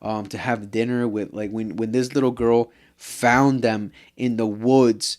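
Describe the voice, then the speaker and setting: A man's voice: mid-range voice, fairly even intonation, unhurried, darkish tone. A man ranting casually about a show, heated and profane, rambling with fillers and restarts. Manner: profane and heated, says "bro" constantly. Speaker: vlogger. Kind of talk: casual anime rant.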